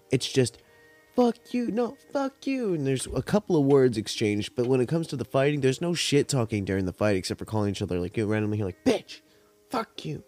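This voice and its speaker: A young man hosting a podcast, telling stories in a rambling, laid-back, profane way while high, with cotton mouth. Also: a little mellow. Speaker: podcast host. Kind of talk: casual storytelling monologue.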